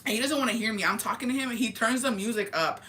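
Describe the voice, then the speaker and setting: A young woman telling a gossip story on her vlog, animated and full of profanity. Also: fairly high pitch, fast talker. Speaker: vlogger.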